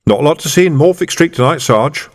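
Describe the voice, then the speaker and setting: An eager, naive young watchman, voiced by a man in a raised, deferential tone. The lilt is lively, and a long reverb trails behind. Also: a little high, fast talker, voice pushed up. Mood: earnest. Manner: earnest and deferential. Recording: reverberant room.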